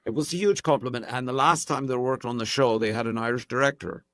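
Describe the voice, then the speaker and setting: A middle-aged man from Southern California, a guest actor and impressionist, telling stories in a lively casual podcast chat and often restarting his sentences. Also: mid-range voice, fast talker, dry recording, clean studio sound.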